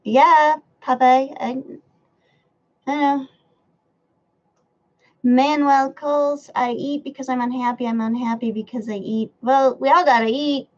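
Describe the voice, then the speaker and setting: A woman's voice: sits high, fairly even intonation, a little slow, pauses often, dull audio. A woman, live-streaming from home and chatting casually as she reads out her chat, swearing and laughing often. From United States. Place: home room near a window.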